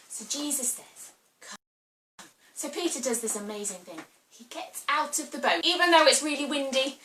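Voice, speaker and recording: A woman leading a children's church lesson at home, telling a Bible story with props in an animated way. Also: sits high, slight background noise. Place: home room during lockdown. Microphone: camera some distance away. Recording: roomy, distant camera mic.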